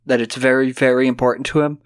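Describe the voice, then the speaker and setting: A man's voice: medium pitch, level tone, fast talker, clean tone, no room sound. A man co-hosting a podcast, recapping movie scenes with profane jokes and silly voices. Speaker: podcast co-host. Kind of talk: casual movie chat.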